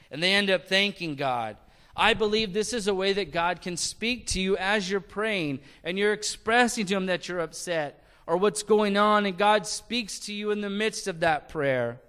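A man's voice: high voice, pushed and bright, clear, resonant tone, big-room sound. A male pastor preaching a sermon in a conversational way, asking the congregation questions and slipping in light jokes.

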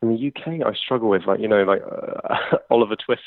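A man's voice: fairly low pitch, expressive, creaky, no room sound. A man in his twenties with a London accent, an impressionist and comedian talking in a chatty interview, full of fillers. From England. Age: 20s. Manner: quick, chatty, lots of fillers. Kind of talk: conversational interview. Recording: tinny phone line, dry.

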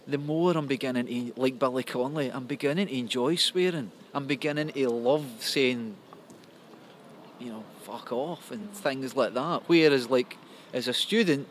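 A man with a Glaswegian accent, interviewed at an outdoor market, speaking haltingly with repeats and restarts. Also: mid-range voice, expressive, a little hiss or hum. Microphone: handheld interview mic.

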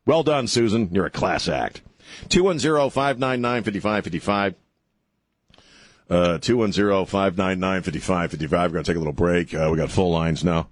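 A man's voice: sits low, brisk, dry recording. Brash male talk radio host. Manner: brash, blunt, laughs often. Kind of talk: opinionated talk radio chat. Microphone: studio mic.

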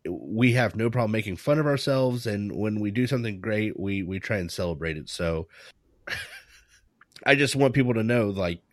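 A man co-hosting a podcast, talking casually with a fairly low voice. He jokes and pokes fun at himself. The sound is dry, with little room echo. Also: lively intonation, moderate pace. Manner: joking, self-mocking. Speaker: podcast co-host.

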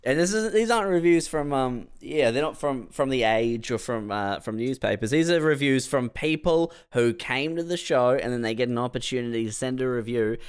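A man with a smooth, clear voice co-hosts a casual podcast chat. He asks dry, teasing questions at a mid pitch. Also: animated, moderate pace, few pauses. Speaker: podcast co-host.

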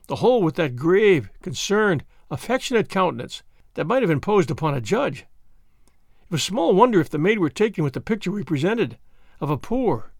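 A man narrating a classic novel in a measured, expressive storytelling manner into a close studio mic. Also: high voice, dry recording. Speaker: audiobook narrator.

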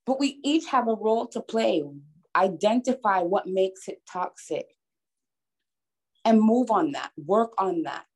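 A woman's voice: mid-range voice, lively intonation, measured pace, husky, rough recording. A woman co-hosting a casual conversation, making her points with emphatic repetition. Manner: emphatic, repeats words for stress. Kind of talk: casual chat.

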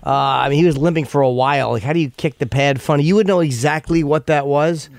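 A man's voice: on the high side, quick pace, no echo, clean studio sound. A man hosting a casual interview, asking questions and joking with his co-host. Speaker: podcast host.

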